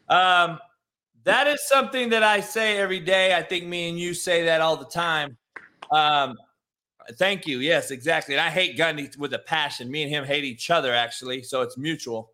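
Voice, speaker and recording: A high-pitched man with a bright, forceful voice hosts a loose, profane sports talk show. He talks loudly and excitably over a remote call, swearing as he goes. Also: moderate pace. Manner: loud, excitable, swears freely. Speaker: podcast host. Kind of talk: casual profane sports chat.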